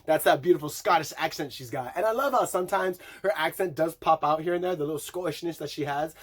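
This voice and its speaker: Man, slightly high voice, casual rambling album review, swears a lot, laughs often. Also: fast talker, breathy edge. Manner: rambling, profane, laughing, sings lyrics. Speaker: music reviewer.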